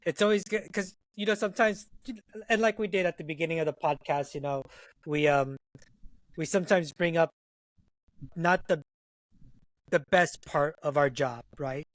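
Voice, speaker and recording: A man's voice: fairly high pitch, moderate pace, pauses often, dry recording, poor audio. A man co-hosting a podcast, talking reflectively and checking in with his listeners as he goes. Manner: reflective, checks in often with "right?". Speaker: podcast co-host, retired Navy corpsman. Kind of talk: casual podcast conversation.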